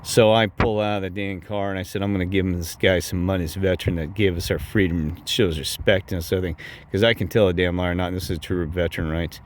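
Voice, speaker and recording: A man with a lowish voice rants through a personal story, cursing and circling back on himself. His pitch leaps up when he quotes his own angry words. Faint noise hums behind him. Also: steady tone, fast, few pauses. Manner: heated, cursing, repeats "I said" often, voice jumps higher when quoting himself. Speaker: vlogger telling a personal story. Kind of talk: rambling angry storytelling to viewers.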